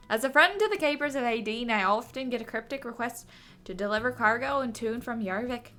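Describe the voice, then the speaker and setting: A woman's voice: a little high, animated, a little fast, pushed and bright, faint music behind. Woman doing an old sea captain's accent. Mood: reminiscing. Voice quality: put-on accent. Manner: storytelling, stumbles over long words. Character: older male sea captain, seasoned smuggler.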